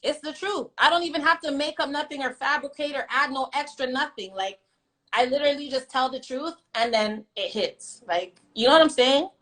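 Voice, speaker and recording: A woman's voice: high voice, brisk, a bit bright, low-quality recording. A young woman telling her side in a story time rant, blunt and defiant, swearing often and repeating herself for emphasis. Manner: blunt, defiant, heavy profanity. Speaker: vlogger.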